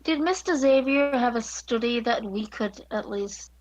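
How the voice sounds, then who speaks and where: A woman's voice: on the high side, a little slow, a little mellow, rough recording. A woman playing a tabletop game, speaking in a hesitant, wry way. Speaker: player. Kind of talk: tabletop role-play.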